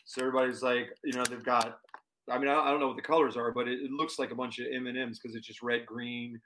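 A man telling a story in casual chat, animated and full of fillers and restarts. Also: medium pitch, fast talker. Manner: animated, lots of fillers and restarts, acts out quotes. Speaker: touring performer guest.

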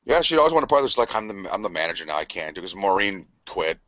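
Fast, bright-voiced swearing man. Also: low-pitched, very animated, dry recording. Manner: profane, rambling storyteller who acts out quotes. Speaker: podcast co-host. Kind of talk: casual chat. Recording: dull lo-fi podcast audio.

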